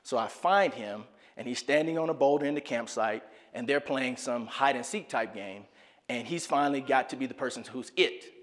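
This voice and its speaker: A man's voice: mid-range voice, moderate pace, long reverb tail. A male pastor delivering a sermon in a conversational, storytelling way, often repeating words as he builds his point.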